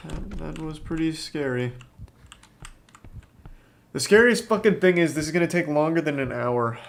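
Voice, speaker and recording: A man giving deadpan, sarcastic commentary while playing a horror game on stream, with sudden startled yelps at the scares. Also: a little high, normal speed, gravelly, pauses often. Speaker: gaming streamer. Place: home streaming setup on webcam.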